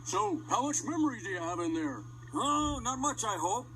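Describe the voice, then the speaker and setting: Men voicing cranky old male puppet hecklers who trade sarcastic insults and bad puns in a creaky, cackling voice. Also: extremely high pitch, sing-song, moderate pace, bright, forceful tone, a little hiss or hum, full character voice, poor audio. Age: older.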